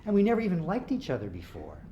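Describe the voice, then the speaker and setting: A man reading aloud as a grieving, impulsive young man who talks in halting, casual bursts. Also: high-pitched, wildly swooping pitch, mellow, lo-fi sound, a little hiss or hum, pitched above the performer's own voice. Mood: subdued. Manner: halting, conversational, swearing.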